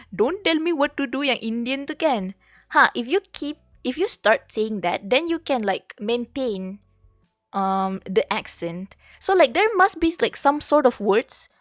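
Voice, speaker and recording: A woman's voice: fairly high pitch, no echo, studio quality. A woman from Malaysia, a native Malay speaker with a Malaysian English accent, chatting casually on a live stream and reading aloud, switching freely between Malay and English. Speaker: VTuber streamer. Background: faint background music.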